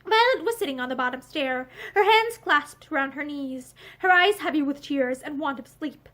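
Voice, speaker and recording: A woman reading a novel aloud in an expressive way, seated in a room lined with bookshelves. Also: sits high, moderate pace. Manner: expressive, acts out the dialogue. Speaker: audiobook reader.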